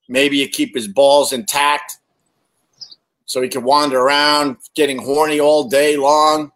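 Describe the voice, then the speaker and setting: A man's voice: mid-range voice, fairly bright tone. A man hosting a casual livestream, chatting to viewers and reading their comments, joking crudely and swearing often.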